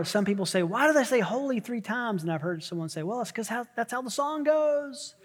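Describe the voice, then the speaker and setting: A male pastor preaching a sermon, swinging from loud repeated shouts to hushed near-whispers. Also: sits high, lively intonation, brisk, in a large hall.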